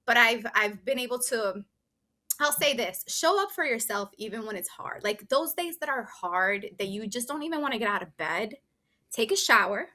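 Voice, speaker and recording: A woman, a business owner being interviewed, telling her story in an animated, emphatic way. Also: fairly high pitch, moderate pace. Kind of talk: casual interview chat.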